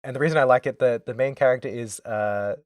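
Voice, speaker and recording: A man co-hosting a podcast, recapping a game in casual chat and acting out characters' lines with lively swearing. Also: mid-range voice, fast talker, no room sound, clean studio sound. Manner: animated, acts out characters' lines with swearing and laughs. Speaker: podcast co-host.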